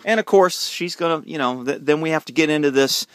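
A man's voice: on the high side, expressive, fairly quick, few pauses, fairly bright tone, no room sound, clean studio sound. A middle-aged man and horse trainer, ranting bluntly and with exasperation to camera, swearing and stumbling over repeated words when worked up. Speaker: horse trainer and channel host.

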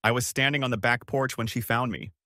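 A man narrating a first-person story as scripted audiobook narration, in an expressive storytelling manner. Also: mid-range voice, brisk, dry recording, clean studio sound.

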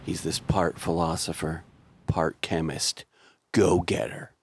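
A man narrating a comic retelling as a voice-over, in a wry, deadpan manner. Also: deep voice, slow pace, noisy background.

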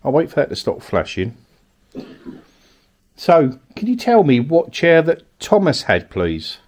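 A man from Kent in England, investigating the paranormal, speaks a little slowly in a slightly high, darkish voice with huge pitch swings. In an abandoned cottage at night he narrates his ghost hunt, politely calling to spirits and coaxing answers.

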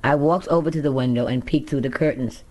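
A woman's voice: very deep voice, quick pace, a little mellow. A woman narrating her own memoir as an audiobook in a candid, first-person storytelling manner. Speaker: author reading her memoir.

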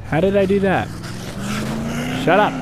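A young man commentating his gameplay, jumpy and talking back at the game, yelping and shouting at times. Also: high-pitched, a little slow, music in the background. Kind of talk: let's play commentary. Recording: noisy game audio underneath.

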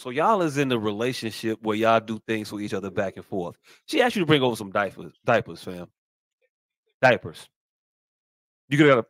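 Profane, animated podcast co-host. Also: male voice, medium pitch, no echo. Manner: animated storytelling, profane, slangy. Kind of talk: casual podcast chat, reading texts aloud.

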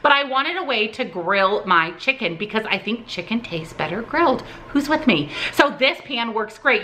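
A woman in her thirties vlogs at home, showing off her favorite products. She talks in a chatty, upbeat way, with lively jumps in pitch. Her voice is bright and a little high. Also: a little hiss or hum. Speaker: vlogger.

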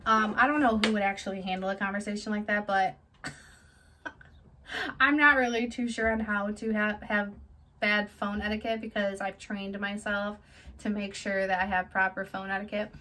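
A woman's voice: medium pitch, steady tone, moderate pace, sharp tone, poor audio. A woman, a small business owner, giving direct, chatty tips in a casual how-to vlog. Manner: direct, chatty, plain-spoken.

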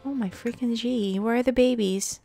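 A woman hosting a life-simulation gameplay video, chatting casually to viewers with lots of fillers and excited exclamations. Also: fairly high pitch, normal speed, vocal fry, faint music behind. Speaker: gaming video host.

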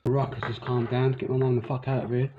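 A man's voice: medium pitch, level tone, quick pace. A young man making a casual cooking vlog in his home kitchen, blunt and sweary. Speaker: vlogger. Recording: muffled, noisy home recording. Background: household chatter and noise.

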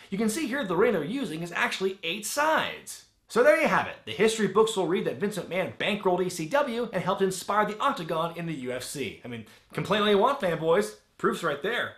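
A man with a high-pitched, somewhat bright voice hosts a comedic movie review, narrating with sarcastic wisecracks. The recording sounds roomy and has a music bed underneath.

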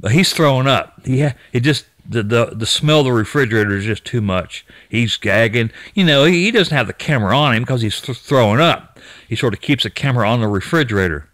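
A man's voice: medium pitch, expressive, brisk, fairly bright tone, dry recording. A man casually retelling what another person found in an abandoned store, rambling with restarts and mild cursing. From United States. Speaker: YouTube storyteller.

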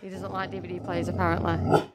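A woman filming her dog at home on a phone, talking to it and about it in an excitable, chatty way. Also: fairly low pitch, quick pace, a little hiss or hum. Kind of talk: casual home video commentary.

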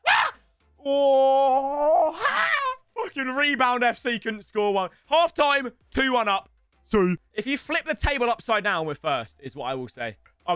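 A young man commentating casually over a football video game, excitable and swearing, with sudden shouts and mutters. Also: sits high, no echo, studio quality. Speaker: gaming streamer.

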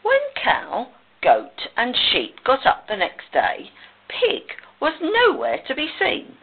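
A woman reading a children's picture book aloud with slow, expressive storytelling, on a tinny, phone-like recording. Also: high voice, slightly rough.

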